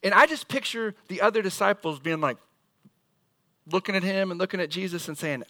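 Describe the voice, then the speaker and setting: A male pastor preaching a sermon in a lively, conversational, storytelling way. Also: high voice, brisk, no room sound.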